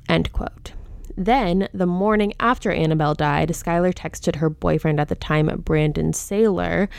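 A young woman hosts a true-crime podcast in a casual, opinionated way and lets her indignation show. Her voice sits slightly low. The recording is close and dry, with no room sound. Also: steady tone, unhurried, gravelly, a little mellow, smooth, no room sound. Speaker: podcast host.

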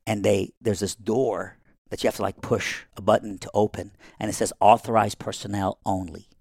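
A low-pitched, gravelly man spins a family story as a podcast guest and acts out each person in it. He is middle-aged and from Iran. The sound is close and dry, with no room sound. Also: moderate pace, dry recording. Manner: animated, acting out quoted family members.

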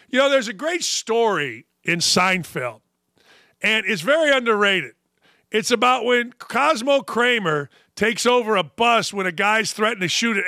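A man's voice: high-pitched, moderate pace, no room sound. A man hosting a sports talk show, delivering a brash, mocking monologue of opinionated commentary from a studio. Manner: brash, mocking, animated rants.

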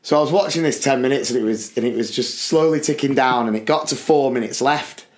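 A man, a podcast co-host and school sports coach, telling a story in an animated chat and acting out excited shouts. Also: mid-range voice, fairly quick.

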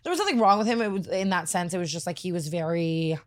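A woman in her twenties, a podcast host, telling a story in casual chat, fast and animated, with lots of filler words and swearing. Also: on the low side.

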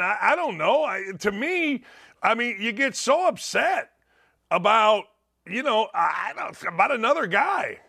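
Man, radio host, opinionated monologue, stammering restarts, gravelly, high pitched. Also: a little slow. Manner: repetitive, excitable, stammering restarts.

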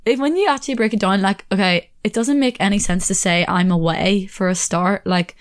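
A woman's voice: mid-range voice, a little fast, smooth. A young Irish woman talks through her own podcast in a loose, chatty way. She laughs easily and scatters fillers through her sentences, with a voice sitting right in the middle of the usual range. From Ireland. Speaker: podcast host. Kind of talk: casual solo podcast chat.

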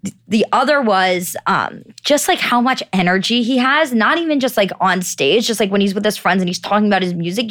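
Woman cohost chatting casually, says like a ton, swears a lot, mid-pitched voice. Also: a bit bright. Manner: rambling, heavy use of "like", swears freely. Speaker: podcast co-host. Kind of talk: casual chat.

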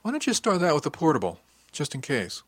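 A man voicing a calm, good-humored male ship engineering officer who gives brisk, practical orders with dry humor, in an audiobook reading. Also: a little high, no echo, voice pushed up. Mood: wry.

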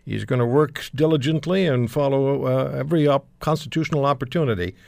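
A male talk show host thinks aloud in a conversational manner. His voice sits at a middling pitch. The recording is dry and close, with no room echo. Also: fairly quick, vocal fry, darkish tone.

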